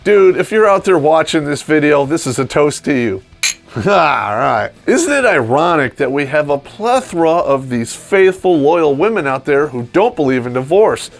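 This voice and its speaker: A man's voice: a little high, lively intonation, moderate pace, few pauses. A man hosting a video, delivering a crude, sarcastic comedic rant with laughing asides. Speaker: vlog host. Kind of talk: ranting comedic monologue.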